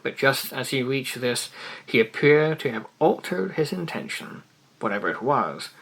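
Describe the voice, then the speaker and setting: A man gives a theatrical reading of a classic story, his voice bright and forward. He swings from strong emphasis to soft asides as the sentences roll on. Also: mid-range voice, poor audio. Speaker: reader of classic stories.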